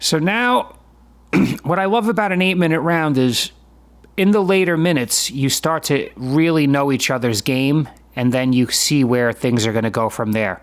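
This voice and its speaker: Man in his fifties giving calm commentary. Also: mid-range voice, normal speed. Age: 50s. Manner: matter-of-fact, explanatory, conversational. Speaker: jiu-jitsu practitioner narrating his own sparring footage. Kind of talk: voice-over commentary on a sparring video.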